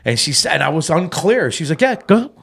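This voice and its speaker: A man co-hosting a casual sobriety podcast, telling a personal story in an animated way and dropping fillers like man and bro. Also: fairly high pitch, a little fast, creaky, slightly rough. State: tearful when reliving the moment. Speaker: podcast co-host.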